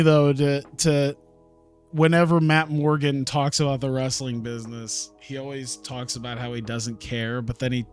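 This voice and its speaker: Smooth-voiced man chatting on a gaming stream. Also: medium pitch. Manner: thinks aloud, chuckles, swears casually. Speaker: streamer playing a wrestling management game. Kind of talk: casual gaming stream commentary.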